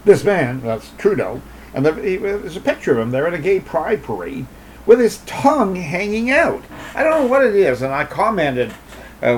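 A man's voice: on the high side, slight background noise, rough recording. A man hosting a talk show, speaking casually with many fillers and restarts as he comments and reads aloud. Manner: halting, full of fillers and restarts.

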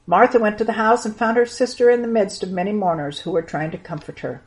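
A woman reading a Bible story aloud to children in an earnest, expressive way. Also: medium pitch, fast.

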